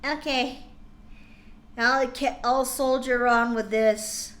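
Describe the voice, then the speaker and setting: A high-voiced woman streamer reads a terrible fan story aloud at a slow, deliberate pace. She keeps breaking off into exasperated, sarcastic comments to her chat. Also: steady tone, fairly bright tone. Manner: exasperated, laughing, sarcastic asides. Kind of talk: live-stream dramatic reading.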